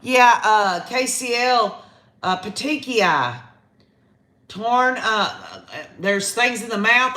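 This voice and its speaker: Bright-voiced Southern woman chatting live. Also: fairly high pitch. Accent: Southern American. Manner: chatty, talks straight to viewers with "y'all". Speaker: livestream host. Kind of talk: casual live commentary.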